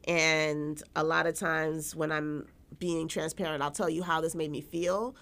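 A woman's voice: low-pitched, flat delivery, a little slow, a bit bright. A woman co-hosting a podcast in casual chat, candid and emphatic, often restarting her sentences. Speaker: podcast co-host.

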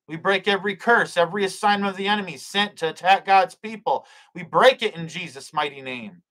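On his own live stream, a preacher prays and preaches in a high, sharp male voice, a little fast. He is fervent and repetitive, often stumbling and starting his words over, and the recording quality is low.

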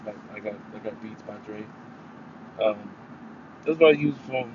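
A man with a lowish voice hosts a casual solo podcast at normal speed, leaving long pauses between thoughts. He rambles, swears, and bursts out emphatically at times, and his headphones mic produces a dull lo-fi recording with faint noise.

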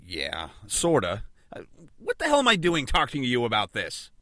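An actor playing a sarcastic, wisecracking young American adventurer with an American accent. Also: male voice, mid-range voice, wildly swooping pitch, moderate pace, a bit bright, dry recording, studio quality. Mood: awkward. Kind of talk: audio drama acting.

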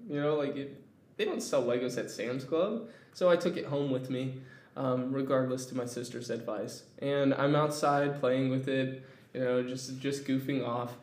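A young man telling a childhood story in a casual, animated way, laughing as he goes. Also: medium pitch, moderate pace. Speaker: storyteller guest. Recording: echoey room.

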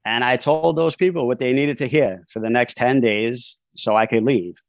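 A man's voice: medium pitch, normal speed, no echo. A man, a podcast guest, tells his story candidly in casual interview talk, with frequent fillers and restarts. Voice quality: conversational, frequent "you know" fillers and restarts. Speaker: podcast guest, author in long-term recovery.

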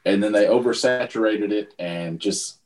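A man's voice: fairly low pitch, normal speed, roomy sound. A man hosting a podcast in casual chat, speaking emphatically and often agreeing with others. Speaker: podcast host asking the questions.

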